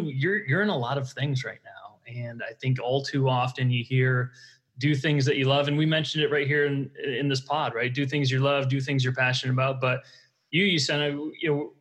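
A man's voice: medium pitch, a bit bright. A man co-hosting a podcast, reflecting on the guest's story in an admiring tone. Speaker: podcast co-host. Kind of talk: casual podcast chat.

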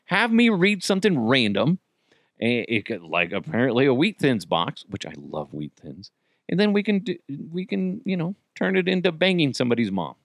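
A man hosting a comedy podcast, rambling through stories and swearing freely. His pitch jumps all over the place as he talks. He is recorded close and dry, with no room sound. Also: huge pitch swings, normal speed, vocal fry, no room sound. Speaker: podcast host. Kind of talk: casual comedic monologue.

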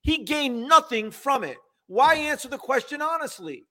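A man co-hosting a casual sports talk show, ranting in an animated way and mocking what others said. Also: extremely high pitch, moderate pace. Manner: animated, ranting, mocks quotes.

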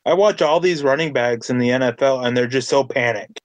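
A man with a mid-range voice hosts a casual sports podcast. He speaks with enthusiasm and stacks repeated phrases as his excitement rises. The sound is dry and close. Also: mid-range voice, a little fast, hardly any pauses, no room sound. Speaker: podcast host.

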